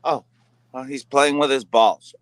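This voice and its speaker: A man on a video call from his basement, cracking dry, deadpan jokes. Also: mid-range voice, measured pace, dry recording, poor audio. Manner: deadpan, wisecracking. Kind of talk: casual chat. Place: basement at home.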